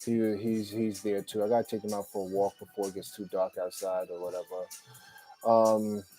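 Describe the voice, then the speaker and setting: A man's voice: on the low side, level tone, normal speed, mellow, soft background music, rough recording. A man hosting a podcast live stream, chatting casually and rambling with many "um" fillers, sounding tired. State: tired, yawning. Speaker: podcast host.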